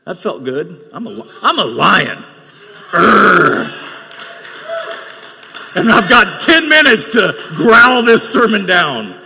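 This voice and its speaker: Animated, high-pitched male pastor preaching. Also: a little slow, creaky, a little hiss or hum. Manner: animated preaching with bursts of shouting. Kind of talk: sermon. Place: church sanctuary. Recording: long reverb of a large hall.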